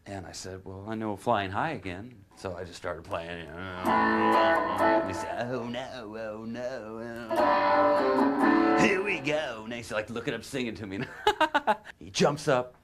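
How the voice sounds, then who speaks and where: A guitarist telling a lively anecdote, putting on other people's voices and laughing often. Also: male voice, fairly low pitch, slow, over music. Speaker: guitarist, interviewee. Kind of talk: animated storytelling.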